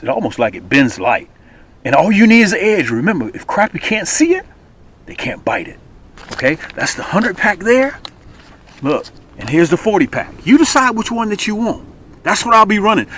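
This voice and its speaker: A man hosting his fishing channel outdoors on a lake, pointing things out and pitching his own lures, sometimes dropping to a near-whisper. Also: a little hiss or hum. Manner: animated, repeats "look at that", drops to near-whisper at times. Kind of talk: outdoor vlog with product pitch.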